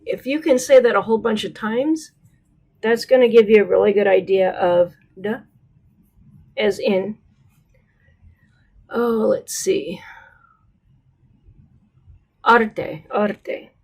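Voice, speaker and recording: A woman's voice: mid-range voice, measured pace, long pauses, warm tone, breathy edge. A woman with an American accent teaching pronunciation, patient and careful, stretching out model words and checking in with "right?". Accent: American English. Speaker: Spanish teacher. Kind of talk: slow, careful pronunciation lesson.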